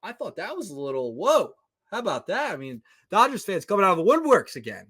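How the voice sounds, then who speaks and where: A man co-hosting a casual sports podcast, talking in lively, teasing banter. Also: sits high, a little fast, husky. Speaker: podcast co-host.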